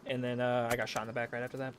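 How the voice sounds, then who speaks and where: A man's voice: mid-range voice, flat delivery, racing, background noise. A young man streaming a game, jokey, rambling and self-mocking.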